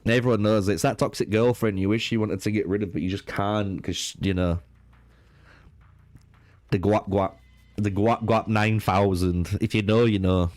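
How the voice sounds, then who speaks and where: A young man streams a strategy game, swearing heavily and trolling with chat as he plays, swinging between raging and laughing. His voice is fairly low, steady and a little mellow at a moderate pace. The live commentary has no echo.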